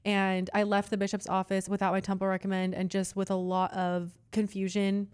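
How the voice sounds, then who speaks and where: A woman's voice: medium pitch, completely flat delivery, moderate pace, darkish tone, clean tone. A young woman hosting a podcast, telling a personal story in an earnest, emotional way. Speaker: podcast host. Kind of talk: candid personal chat.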